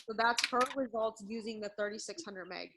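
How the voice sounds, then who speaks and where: Bright-voiced upbeat woman presenter. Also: medium pitch, fairly quick, rough recording. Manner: upbeat, laughs between words. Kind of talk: product presentation.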